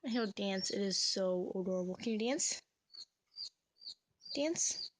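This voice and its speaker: A woman's voice: medium pitch, moderate pace, slight background noise. A woman vlogging about her pet cockatiel, chatting casually and cooing to the bird in a sing-song baby voice. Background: cockatiel chirping.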